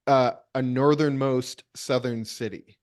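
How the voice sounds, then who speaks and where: Man, podcast host, middle-pitched voice, easygoing, agreeable short replies. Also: steady tone, measured pace. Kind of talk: casual chat.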